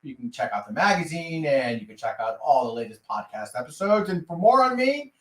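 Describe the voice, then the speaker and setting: A man's voice: fairly high pitch, sing-song, brisk, a bit bright. A man hosting a podcast interview, upbeat and effusive as he thanks his guest. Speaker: podcast host. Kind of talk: casual interview chat. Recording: roomy echo.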